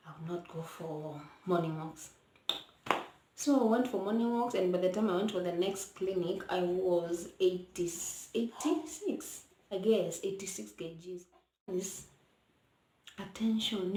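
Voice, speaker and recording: A young Kenyan woman vlogging casually from her child's bedroom, chatting and mixing English with Swahili, sometimes hushing her voice so the baby sleeps. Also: mid-range voice. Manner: hushed at times to let baby sleep. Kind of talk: casual storytime vlog. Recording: roomy echo, faint noise.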